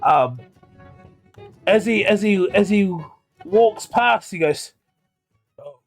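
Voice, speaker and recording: A man's voice: high voice, animated, slow pace. A man narrating a tabletop game as game master, playful and laughing often. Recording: dull lo-fi sound with faint music behind.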